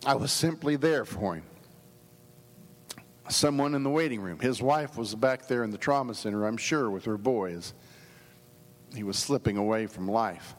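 A middle-aged man telling a personal story in a sermon, earnest and halting, often restarting his sentences. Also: mid-range voice. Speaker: speaker giving a devotional talk. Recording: long hall reverb.

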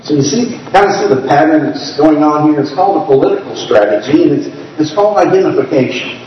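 Male pastor, sermon, reads scripture slowly, engages the congregation; far-off mic in a roomy hall. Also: a little high, expressive, slight background noise. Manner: storytelling, asks the congregation to raise hands; slows down to read scripture aloud. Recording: distant, echoey hall, dull sound.

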